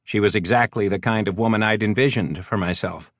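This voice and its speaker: A man reading a first-person novel as an audiobook narrator, measured and wry. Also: fairly low pitch, no room sound, clean studio sound.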